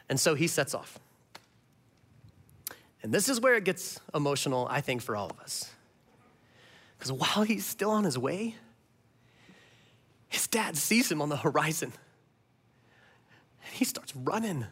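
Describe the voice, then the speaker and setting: A male pastor preaching a sermon, telling the story with animated, impassioned delivery that swings between loud and soft. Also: a little high, measured pace, pauses often, husky. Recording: long reverb of a large hall.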